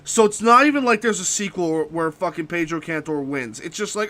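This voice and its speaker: High-voiced, lively, profane male streamer. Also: a little fast, hardly any pauses. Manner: profane, ranting. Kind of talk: casual gaming stream chat.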